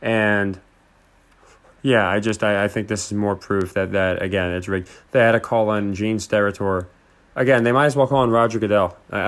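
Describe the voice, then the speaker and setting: Low-pitched male host, casual, skeptical, mocking; recorded commentary over clips. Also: fairly bright tone. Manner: skeptical, mocking, repeats words. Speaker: sports betting commentator.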